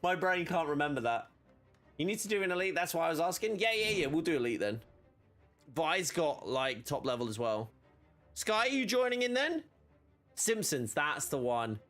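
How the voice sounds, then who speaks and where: A man talks loosely over his game stream, trailing off and restarting his thoughts as he goes. His voice sits a little high for a man, and faint music plays in the background. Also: sing-song, moderate pace, a bit bright. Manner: rambling, chatty, many fillers and restarts. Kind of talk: casual gaming stream chat.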